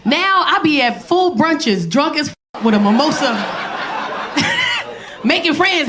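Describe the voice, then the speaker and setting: A brassy, blunt stand-up comedian in her 40s works the crowd from a comedy club stage, cursing and talking straight to the audience. Her voice is high with lively intonation, and she takes her time, pausing often. The live club recording picks up crowd laughter and noise.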